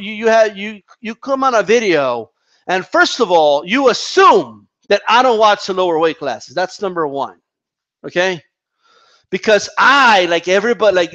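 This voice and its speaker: A man's voice: high voice, a bit bright. A man hosting a boxing talk channel, delivering a combative, profanity-laced rant full of restarts and repeated words. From Mexican heritage. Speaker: boxing commentator. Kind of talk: heated rant vlog. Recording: dull lo-fi audio.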